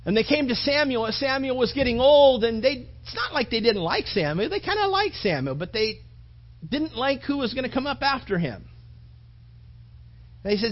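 A man's voice: very high-pitched, lively intonation, normal speed, lo-fi sound. A man pastor preaching a sermon in a casual, emphatic way, with frequent repetitions and asides to the congregation.

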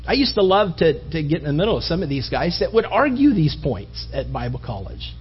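A man preaching a sermon in an animated, mocking way, building to emphatic appeals. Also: fairly high pitch, brisk, lo-fi sound, slight background noise. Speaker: pastor.

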